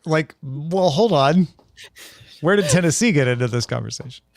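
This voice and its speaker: A man's voice: fairly high pitch, animated, normal speed, creaky, no room sound, clean studio sound. A man co-hosting a podcast, wry and chuckling in casual chat. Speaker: podcast co-host.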